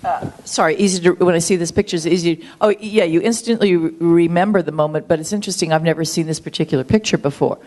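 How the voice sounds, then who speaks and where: A woman's voice: lowish voice, quick pace, few pauses, a little mellow. A woman in her sixties, a guest and marathon runner, talking in a chatty, enthusiastic way with many ums and restarts in an interview at a runners' event. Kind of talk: conversational interview.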